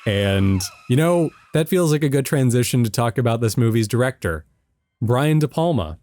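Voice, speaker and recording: A man's voice: mid-range voice, expressive, normal speed, a little mellow. A young man co-hosting a casual film commentary, joking around and now and then slipping into a silly Southern drawl. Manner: jokey, riffs with put-on Southern drawl bits.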